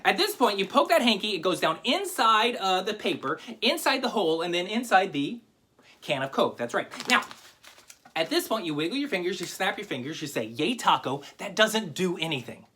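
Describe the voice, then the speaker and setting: A man's voice: high-pitched, sing-song, fairly quick, bright, forceful tone, slight background noise. A man giving a comic magic lecture to camera, teaching a trick while joking, rambling and interrupting himself. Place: home video recording.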